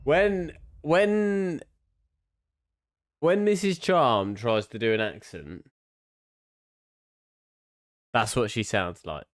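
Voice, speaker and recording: A man's voice: mid-range voice, drawn-out words, long pauses, no room sound, studio quality. A man commentating over a game stream, giving candid, blunt critique. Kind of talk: let's play commentary.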